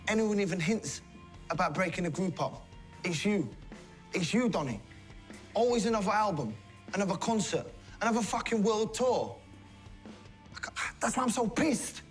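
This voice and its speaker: An actor playing an agitated band member who swears a lot. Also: male voice, high voice, expressive, normal speed, long pauses, soft background music.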